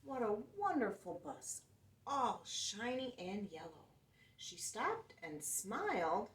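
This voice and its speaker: A woman reading a children's picture book aloud in an expressive, sing-song way. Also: mid-range voice, slow. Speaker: children's storyteller. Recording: roomy sound, mic at a distance.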